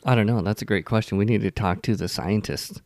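A man co-hosting a casual podcast chat, easygoing and quick to laugh at his own jokes. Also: lowish voice, darkish tone, no room sound, studio quality. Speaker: podcast co-host.

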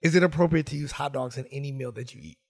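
Quick gravelly man asking questions. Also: mid-range voice, darkish tone. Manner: asks leading questions, lots of short agreeing replies. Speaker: podcast co-host. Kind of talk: casual podcast conversation.

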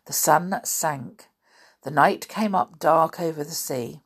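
Slow, gravelly woman reading a storybook. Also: sits low. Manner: chatty asides and frequent throat clearing. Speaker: storybook reader. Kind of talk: reading a children's novel aloud.

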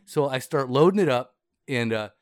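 Male co-host, mid-pitched, dry close mic, profane rambling storyteller with many fillers. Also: lively intonation, moderate pace, no echo. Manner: profane, laughing, heavy fillers and restarts. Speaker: podcast co-host.

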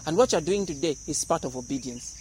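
A man preaching a sermon, animated and humorous as he explains scripture. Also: fairly high pitch, fast, noisy background. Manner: animated, explains verses with humor and acted-out voices. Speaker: pastor.

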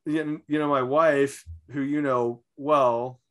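A man in his thirties co-hosting a casual sports talk show, telling stories in an animated way and acting out what people said. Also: mid-range voice, slow. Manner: animated storyteller, acts out quotes. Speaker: podcast co-host.

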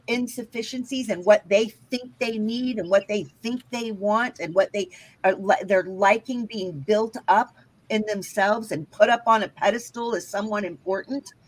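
A woman teaching from scripture in an emphatic, earnest way, her voice sitting at an ordinary pitch. She keeps pausing to check in with her listeners before pressing on. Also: poor audio. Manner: emphatic, often checks in with "right?". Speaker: Bible teacher.

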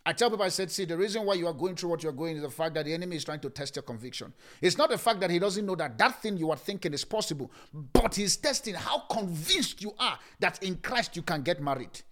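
A man with a Nigerian accent preaching a sermon as a pastor, shouting scripture lines and then dropping to a calm, hushed voice. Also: high voice, fast talker, few pauses.

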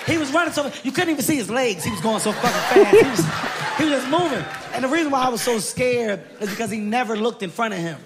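A man with a high voice tells an animated stand-up story, laughing as he goes. A live crowd and noise fill the recording behind him. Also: fast. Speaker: stand-up comedian. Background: audience laughter.

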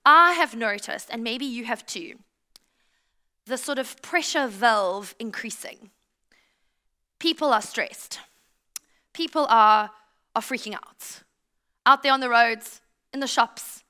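A woman preaching to a live church, with a high, clear, bright voice. She tells everyday stories in a chatty way and acts out people's lines as she goes. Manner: animated storytelling with acted-out quotes. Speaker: pastor. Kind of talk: conversational sermon.

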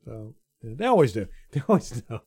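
Animated joking man in casual football chat. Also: medium pitch, a little fast, breathy edge, soft background music. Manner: loose, joking, swears freely.

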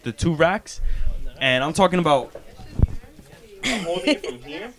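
A man's voice: on the high side, lively intonation, a little slow, fairly bright tone. A young man telling a story in casual chat, slangy and laid-back, often repeating his words.

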